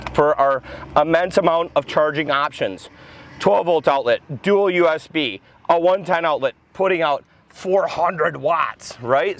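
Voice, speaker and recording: A man giving a casual, rapid, enthusiastic walkaround of a pickup truck as a car salesman, outdoors beside the vehicle. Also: mid-range voice.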